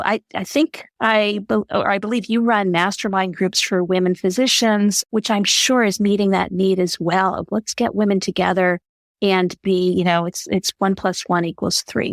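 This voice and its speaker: A woman's voice: mid-range voice, vocal fry, no room sound. Earnest woman giving emphatic advice. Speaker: podcast guest, allyship speaker. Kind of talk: conversational interview answer.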